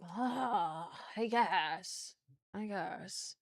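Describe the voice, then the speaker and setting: A woman gaming streamer talking casually and excitably with her live chat. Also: medium pitch, unhurried, long pauses, no room sound, studio quality. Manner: excitable, chatty, talks to chat.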